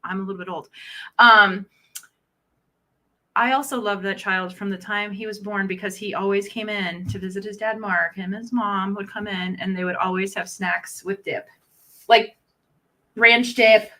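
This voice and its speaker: A woman in her thirties from Ohio, co-hosting a casual live chat and telling stories in an animated, giggly way. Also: medium pitch, moderate pace, poor audio. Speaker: podcast co-host.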